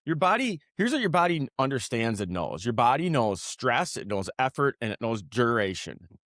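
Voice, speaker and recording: A man's voice: medium pitch, very animated, moderate pace, a bit bright, no room sound, studio quality. A man hosting his own podcast, ranting in a rambling, profane way with many restarts before settling into casual talk about his work in healthcare. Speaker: podcast host; healthcare worker.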